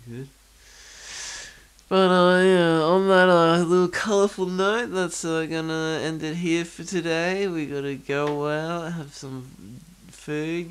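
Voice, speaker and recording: Slow, laid-back male podcast host. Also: on the high side, smooth. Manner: laid-back, swearing, rambling storyteller. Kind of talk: casual chat.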